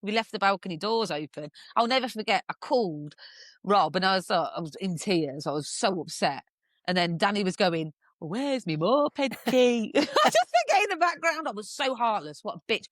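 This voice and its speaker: A woman's voice: mid-range voice, a little fast, no room sound, clean studio sound. A woman from England in her thirties, a podcast guest telling stories with lots of laughing and acted-out voices. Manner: animated, acts out voices, swears, laughs often. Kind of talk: casual storytelling chat.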